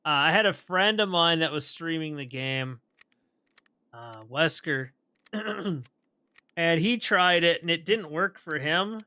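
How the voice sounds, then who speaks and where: Slow, bright-voiced man streaming a game. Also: on the high side, expressive. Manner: rambling, thinking aloud, frequent throat clearing. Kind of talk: casual gameplay commentary.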